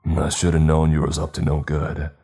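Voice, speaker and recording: A man's voice: rumbling low, completely flat delivery, normal speed, warm tone, husky, soft background music, exaggerated voice. A man voicing a big, angry father who seethes and growls through clenched teeth. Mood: seething.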